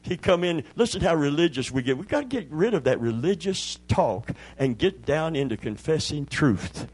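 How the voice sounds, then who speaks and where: A man preaching in a folksy, storytelling way, his voice sitting a little high for a man. He spins homespun tales and calls to the congregation for responses. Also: lively intonation, normal speed, a little mellow, husky, rough recording. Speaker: pastor. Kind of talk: sermon.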